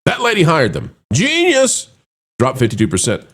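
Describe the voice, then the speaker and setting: Sarcasm and mockery drive this middle-aged man's opinionated commentary show. At normal speed and a bit bright, his voice swings hugely in pitch, dramatically between high and low.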